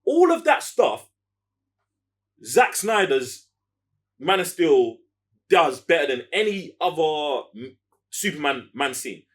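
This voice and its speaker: Man, casual podcast co-host, slightly high voice, animated, repeats words for emphasis. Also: slow pace, long pauses. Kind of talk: casual chat.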